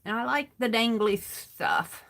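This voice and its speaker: A woman's voice: fairly high pitch, unhurried, gravelly, a bit bright. A woman hosting an art livestream from her desk, chatting to viewers and narrating her crafting as she works. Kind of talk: casual craft demo livestream.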